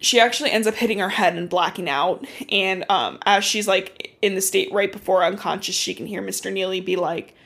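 A woman's voice: mid-range voice, brisk, gravelly, few pauses, breathy edge. Chatty young woman recapping a book. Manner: animated, swearing storyteller with lots of fillers. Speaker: podcast co-host. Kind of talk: casual book recap chat.

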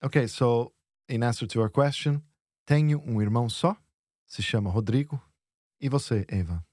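A man teaching on a lesson podcast, patiently modelling phrases slowly and encouraging the learner. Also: medium pitch, a little mellow, dry recording, studio quality. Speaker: Portuguese teacher.

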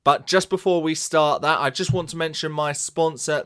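Male podcast host, smooth and clear, chatty and upbeat. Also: fairly high pitch, moderate pace, hardly any pauses, fairly bright tone. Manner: chatty, upbeat, self-deprecating. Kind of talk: casual podcast monologue.

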